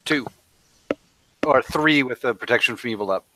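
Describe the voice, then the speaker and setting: Bright-voiced man at the gaming table. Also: medium pitch, moderate pace, no echo, rough recording. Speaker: player. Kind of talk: tabletop game chat.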